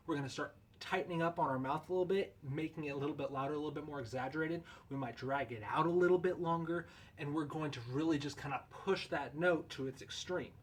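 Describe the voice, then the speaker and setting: A man's voice: a little high, breathy edge. A man in a casual instructional video, explaining goose calling in a loose, folksy, conversational way.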